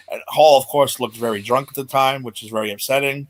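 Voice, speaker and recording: A man in an easygoing podcast conversation, his voice sitting in an ordinary middle pitch. He tells stories with lots of energy, slipping into the voices of the people he quotes, and breaks into laughter along the way. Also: moderate pace. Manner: animated retelling, acts out quoted lines, laughs often. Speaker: podcast host. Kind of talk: casual chat.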